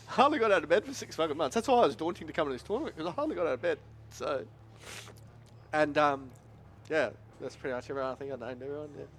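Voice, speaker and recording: Man, emotional and near tears, rapid, halting, lots of "you know". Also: fairly high pitch, lively intonation, fairly bright tone. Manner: tearful, halting, swearing, many "you know"s. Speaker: tournament winner. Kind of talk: emotional post-match thank-you speech. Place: tournament venue.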